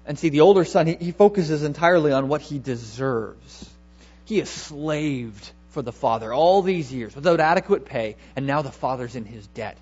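Husky-voiced man preaching a sermon. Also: fairly high pitch, animated, moderate pace, a little mellow, dull audio. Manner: emphatic, repeats key words, rhetorical questions.

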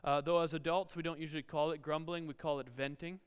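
High, clear-voiced male pastor preaching. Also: fast, big-room sound. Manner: animated, self-deprecating storytelling. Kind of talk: sermon with humorous family stories.

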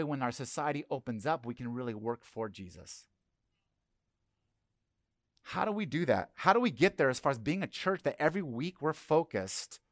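A man's voice: medium pitch, dry recording, clean studio sound. A middle-aged male pastor giving a conversational sermon and asking the congregation questions.

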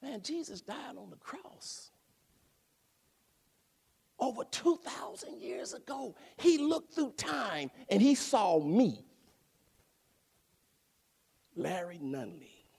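A man preaching a sermon, animated, asking and answering his own questions and bursting into shouts. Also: extremely high pitch, slow, gravelly, slightly rough.

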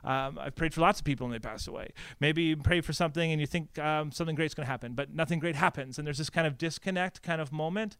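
A male pastor giving a conference breakout talk in an animated, conversational, storytelling way, with frequent "like" and "right?" asides. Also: on the high side, fast talker, hardly any pauses, smooth, no room sound.

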